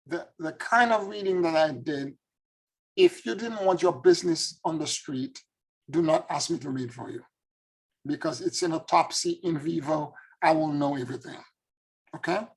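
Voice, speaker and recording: Husky-voiced earnest spiritual storyteller man. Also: fairly high pitch, poor audio. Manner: earnest, reflective, emotional retelling. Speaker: spiritual teacher and former tarot reader.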